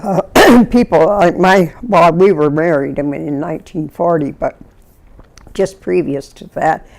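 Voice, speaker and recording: A woman's voice: on the low side, vocal fry. A woman, recalling her life in an oral history interview and acting out the people in her stories. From Canada. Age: 90s. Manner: lively storyteller who acts out the people in her stories.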